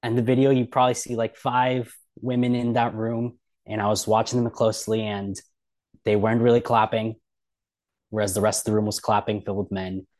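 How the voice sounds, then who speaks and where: A man's voice: fairly low pitch, little pitch movement, brisk, darkish tone. A man co-hosting a podcast, talking casually and indignantly with lots of filler words. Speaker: podcast co-host.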